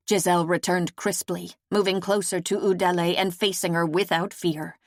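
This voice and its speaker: A woman narrating an audiobook in a slow, even storytelling manner. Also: lowish voice, no room sound, studio quality. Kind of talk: scripted narration.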